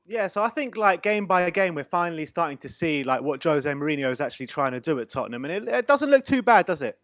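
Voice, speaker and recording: A man's voice: on the high side, sing-song, fast, fairly bright tone, no echo. A man hosting a fan phone-in, upbeat and chatty. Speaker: host.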